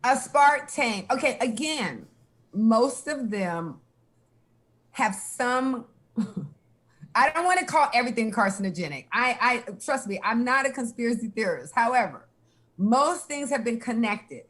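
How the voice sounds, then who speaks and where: A woman's voice: fairly high pitch, expressive, a little slow, fairly bright tone, breathy edge. A woman giving frank, emphatic health advice in casual chat, laughing now and then. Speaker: health guest.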